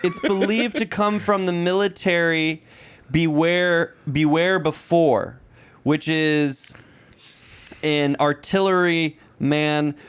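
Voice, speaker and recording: A man co-hosting a podcast, bantering crudely and joking in a loose, animated way. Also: slow, clear, resonant tone. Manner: animated, crude, joking, bursts into high laughing put-on voices. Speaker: podcast co-host.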